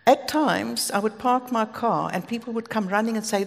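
South african lady preaching in a big hall, kinda high gravelly voice, echo rings out. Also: normal speed, hardly any pauses. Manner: earnest, storytelling, with asides and light laughs. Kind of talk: sermon. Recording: long hall reverb.

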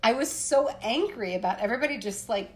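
A woman from Pennsylvania co-hosting a podcast, telling a story in a casual, animated way with lots of "like" fillers and voices for the people in it. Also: on the high side, quick pace. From Appalachian Pennsylvania. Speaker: podcast co-host.

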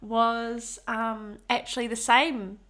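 A woman's voice: a little high, flat delivery, takes it slowly, fairly bright tone. A woman, co-hosting a casual podcast chat in a studio, giggly and self-mocking. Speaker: podcast co-host.

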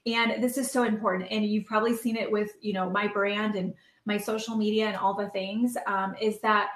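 A woman's voice: mid-range voice, little pitch movement, moderate pace. A woman in her thirties giving a heartfelt motivational talk as a podcast host and coach, earnest and emotional, with many fillers. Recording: roomy echo.

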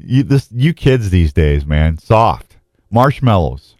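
Lively, rambling middle-aged radio host. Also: male voice, sits low, slow pace, no room sound, studio quality. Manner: rambling, self-mocking, jokey, many restarts. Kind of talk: casual morning radio chat. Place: radio station studio.

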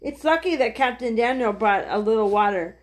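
A woman's voice: on the high side, lively intonation, moderate pace, lightly acted. A woman reading aloud, voicing a cheerful, motherly older sister in a children's storybook.

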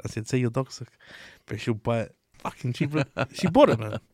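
A man's voice: mid-range voice, animated, brisk, a little mellow, no room sound. A man co-hosting a podcast, telling workplace stories in casual chat and swearing freely. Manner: swears freely, tells stories acting out quotes. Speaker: podcast co-host.

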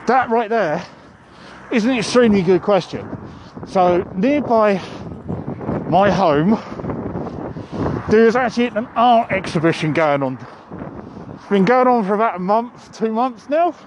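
A man's voice: high voice, lively intonation, unhurried, long pauses. A man hosting a podcast, talking casually to his listeners while walking outdoors, his voice muffled by a face mask. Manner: chatty, addresses listeners directly. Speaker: podcast host. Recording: wind noise outdoors. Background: wind and urban street ambience.

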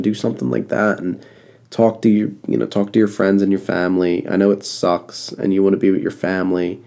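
A man hosting a casual solo podcast, congested and coughing, rambling in a flat monotone with lots of fillers, close to the mic. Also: fairly low pitch, creaky. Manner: rambling, repeats advice with fillers. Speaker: podcast host.

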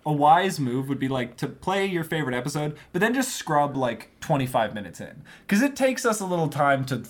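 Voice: medium pitch, a little fast. A podcast co-host chatting casually, recapping a cartoon episode with lots of swearing and exasperation. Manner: animated, swears freely, exasperated storyteller. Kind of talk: casual chat.

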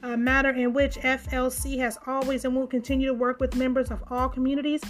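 High-voiced woman ranting on a podcast. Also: flat delivery, fairly quick, soft background music. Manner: blunt, indignant, swears freely. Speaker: podcast host. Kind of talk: casual news commentary.

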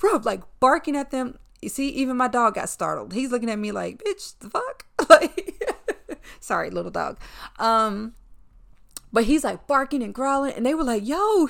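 A woman recapping a film in a casual, candid and profane chatty way. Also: mid-range voice.

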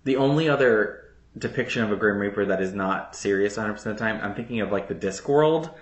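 A podcast co-host in relaxed casual chat, agreeable and low-key. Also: fast talker, roomy sound.

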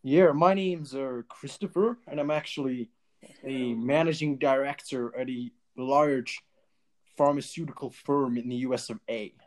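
A laid-back company director who drops slang like "rad" and "man", played by a man. His voice is mid-pitched and easygoing. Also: a little slow, natural voice.

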